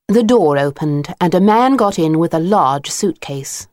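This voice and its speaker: A woman narrating a children's storybook, expressive and unhurried. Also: fairly low pitch, no echo, studio quality.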